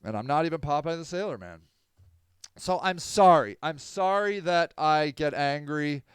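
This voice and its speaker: A man hosting a podcast, rambling sardonically and apologetically, swinging from loud to mumbled. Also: fairly high pitch, lively intonation, normal speed, smooth, dry recording, studio quality. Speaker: podcast host. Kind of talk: casual livestream podcast monologue.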